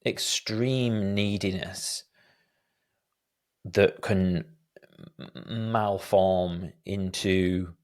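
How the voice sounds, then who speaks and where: This solo podcast host, a man in his thirties, has a low voice and a steady tone, drawing out his words and pausing often. He answers listener questions reflectively and hesitantly, with many fillers and restarts.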